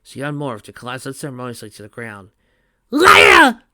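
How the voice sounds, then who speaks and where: A man reading fan fiction aloud in a steady voice, with small slips and restarts. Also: mid-range voice, fast talker. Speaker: reader.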